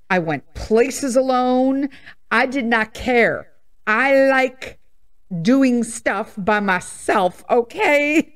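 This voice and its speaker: Podcast host, woman, 50s, blunt and sassy, very expressive pitch. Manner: blunt, animated storytelling with laughs and sass. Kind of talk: candid casual monologue.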